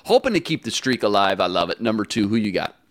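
A man co-hosting a sports talk show, energetic and hyped as he ranks games. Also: on the low side, fast, dry recording. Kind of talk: casual sports chat.

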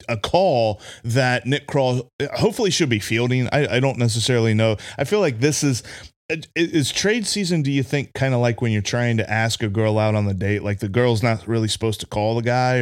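Chatty man talking baseball. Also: medium pitch. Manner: chatty, joking, trails off and restarts. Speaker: sports podcast co-host. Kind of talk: casual sports talk.

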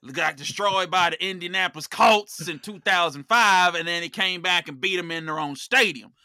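A man's voice: high voice, normal speed, bright, forceful tone, no room sound, clean studio sound, full character voice. A man voicing a brash male Pittsburgh football fan with an exaggerated Pittsburgh accent. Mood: defiant. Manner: exaggerated, self-mocking delivery.

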